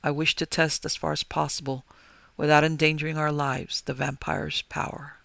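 A man narrating a gothic horror story in a measured, grave manner. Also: a little high, little pitch movement, creaky, dry recording. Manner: measured, grave, rising to forceful cries. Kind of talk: dramatic gothic story reading.

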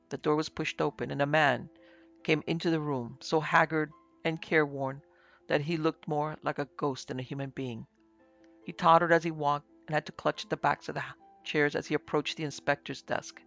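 Gravelly male storyteller over soft music. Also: a little high, steady tone, normal speed, highs cut off. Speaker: narrator and producer. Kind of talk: scripted narration of a classic tale.

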